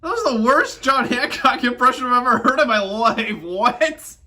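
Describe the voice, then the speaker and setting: A man's voice: very high-pitched, animated, moderate pace, bright, forceful tone. A man hosting a reaction video, mocking and exasperated, swearing often and laughing as he talks. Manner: laughs while talking. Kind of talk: sarcastic reaction commentary.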